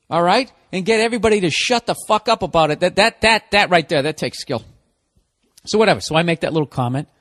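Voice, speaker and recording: A man's voice: a little high, dry recording, clean studio sound. A man in his forties hosting a solo podcast, ranting with profane sarcasm. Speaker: podcast host.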